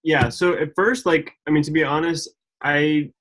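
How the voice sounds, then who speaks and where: A man's voice: on the high side, moderate pace, low-quality recording. Earnest laid-back man on a call. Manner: relaxed, earnest, many fillers. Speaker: guest, husband of a distributor. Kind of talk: casual video call interview.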